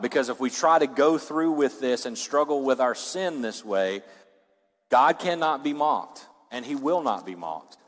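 Preaching man in an echoing hall. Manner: preaches with wide swings, loud rising passages then dropping low and quiet. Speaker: pastor. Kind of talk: sermon. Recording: long reverb of a large hall.

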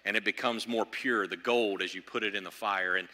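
A man preaching a sermon as pastor, animated, swinging from loud and high to low and quiet. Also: fairly quick. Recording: long hall reverb.

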